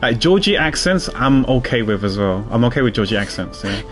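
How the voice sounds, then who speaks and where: A man's voice: medium pitch, very animated, fairly quick, faint music behind. A man streaming a game, chatting casually in a rambling way, repeating his words and chuckling. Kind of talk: casual gameplay commentary.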